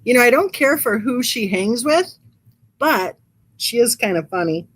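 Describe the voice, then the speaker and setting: A woman's voice: a little high, animated, moderate pace, slightly rough. A woman hosting a casual livestream, chatting in a rambling, amused way and reading comments from the live chat. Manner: reads live chat aloud. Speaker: true crime channel host.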